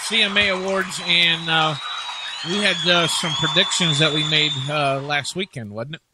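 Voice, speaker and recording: A man's voice: on the high side, moderate pace, heavy background noise. A man hosting a casual radio chat show, rambling and joking with plenty of fillers.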